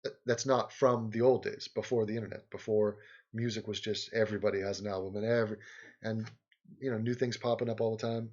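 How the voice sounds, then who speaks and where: A man's voice: on the low side, fairly even intonation, fairly quick, a little mellow, muffled recording. A man hosting a livestream, rambling sarcastically in casual chat and game commentary, often laughing. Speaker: livestream host.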